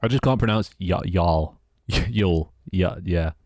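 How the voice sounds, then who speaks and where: A man's voice: sits low, normal speed, no echo, studio quality. A British man streaming live, muttering and swearing at his code between casual chats with his viewers. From Britain. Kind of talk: casual live-stream chat while coding.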